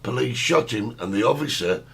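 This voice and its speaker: A man's voice: medium pitch, expressive, a little fast, creaky, a little hiss or hum. A man co-hosting a casual talk show, reading out viewer comments and giving firm opinions. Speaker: co-host. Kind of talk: casual chat.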